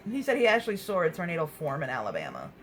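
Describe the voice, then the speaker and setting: A woman's voice: sits low, huge pitch swings, very fast, low-quality recording. Blunt, swearing woman livestreamer. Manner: candid and blunt, swears freely, laughs often. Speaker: livestream host. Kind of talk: casual livestream chat, answering viewer comments.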